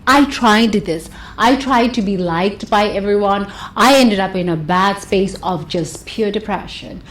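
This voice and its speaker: A woman giving an expressive motivational talk, stretching words for emphasis and laughing often. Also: medium pitch, unhurried. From South Africa. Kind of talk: motivational monologue.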